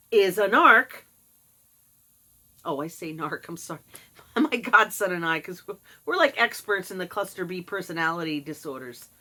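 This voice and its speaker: Talking casually to the camera, this middle-aged woman vlogger is sarcastic and mocking and puts on voices to quote people. Her voice is mid-range with a sharp tone.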